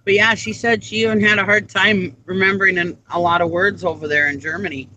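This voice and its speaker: A man's voice: sits high, steady tone, a little fast, pushed and bright, a little hiss or hum, rough recording. A man co-hosting a casual live chat show, rambling with lots of ums and restarts. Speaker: co-host.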